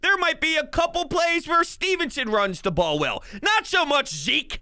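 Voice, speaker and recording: A man hosting a sports podcast, giving excited fan commentary with boastful, hyped talk and bursts of shouting. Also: very high voice, gravelly, no room sound.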